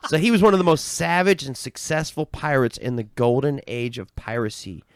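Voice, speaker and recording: A man's voice: mid-range voice, normal speed, smooth, dry recording, studio quality. An American man co-hosting a podcast, recounting history loosely and hedging often. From United States. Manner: loose, hedging with "I think", swearing. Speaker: podcast co-host. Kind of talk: casual chat.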